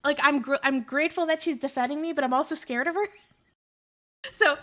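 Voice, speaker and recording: Woman, streamer, high voice, casual storytelling, animated, rambling. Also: moderate pace. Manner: animated, rambling, many fillers.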